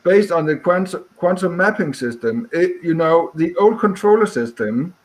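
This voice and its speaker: A man from Scotland, a guest caller on a casual discussion show, talking hesitantly with many pauses and fillers. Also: sits high, expressive. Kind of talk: casual chat.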